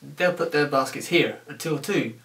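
A man's voice: a little high, normal speed, gravelly, fairly bright tone, recorded from a distance. A young man from the UK delivering a casual, sarcastic comedic rant to camera about his work as a shop cashier. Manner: sarcastic, exasperated, acts out customer exchanges. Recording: roomy echo, voice off-mic.

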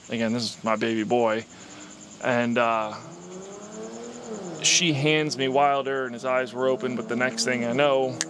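A man's voice: mid-range voice, fairly bright tone, a little hiss or hum. Man telling a tense personal story. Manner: emotional, rambling with many fillers. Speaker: vlogger.

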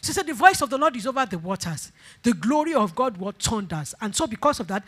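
A woman pastor preaches a sermon of exhortation, leading call-and-response, repeating phrases and breaking into emphatic bursts. Her voice is high-ish, sing-song and fast.

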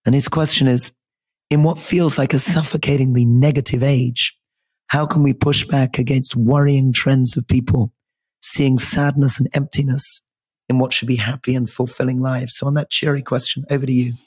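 A man in his fifties co-hosting a political podcast, measured and wry, his voice worn and strained. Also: medium pitch, flat delivery, darkish tone, slightly rough, dry recording. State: losing his voice. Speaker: podcast co-host.

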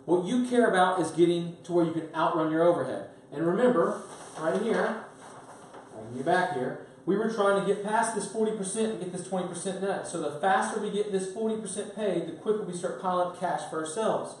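A fairly high-voiced man teaches a seminar with blunt, emphatic energy, leaning hard on key points. He is picked up from well back in a very echoey room. A faint hiss sits under his voice. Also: a little fast, far from the mic. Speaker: business coach. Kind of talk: training seminar.

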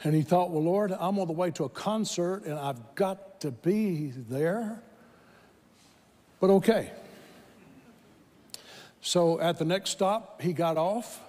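A man with a Southern American accent preaching a sermon, telling a story with animated quoted voices that climb into shouts of praise. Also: high-pitched, slow pace, long pauses. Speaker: pastor. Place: large church hall with congregation. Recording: reverberant church hall with crowd.

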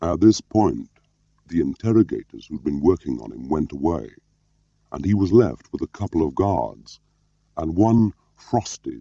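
A man reading a novel aloud at a measured, steady pace. His voice sits very low, with a gravelly edge and a dark tone. The recording is dry and slightly muffled. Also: no room sound. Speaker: audiobook narrator. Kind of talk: scripted narration.

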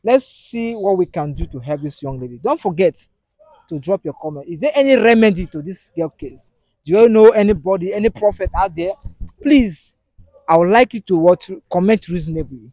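A man's voice: sits high, expressive, normal speed, dark tone, no room sound. A man hosting a comedic skit, soothing and pleading with lots of repetition. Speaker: show host. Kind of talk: comedic skit acting as an advice host.

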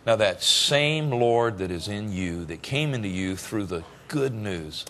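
A man's voice: fairly low pitch, expressive, unhurried, fairly bright tone. A man hosting a Christian television interview, speaking emphatically and encouraging viewers to pray. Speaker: TV host.

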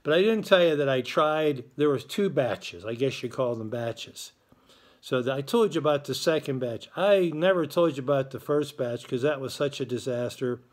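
A man's voice: medium pitch, expressive, moderate pace. A man hosting a school morning show, giving casual announcements in a chatty, joking way. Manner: chatty, playful, joking with listeners.

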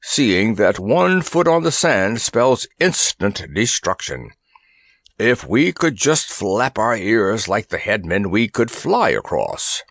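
A man's voice: fairly low pitch, very animated, slow, gravelly, fairly bright tone, dry recording, exaggerated voice. Male reader doing a grumbling, haughty old storybook elephant, sarcastic edge, dry close read. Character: pompous grumpy elderly male elephant. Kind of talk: audiobook character voice.

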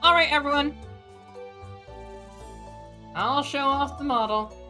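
A woman vtuber streaming a farming game, chatting casually in an animated, crude, joking way and often swearing. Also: high voice, takes it slowly, soft background music. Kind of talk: casual gaming stream chat.

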